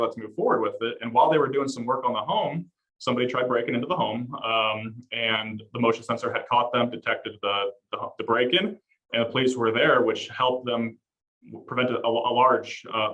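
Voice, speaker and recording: Man, security sales guest, rapid speech, bright tense tone. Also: mid-range voice, rough recording. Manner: quick, eager salesman, repeats words. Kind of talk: panel conversation.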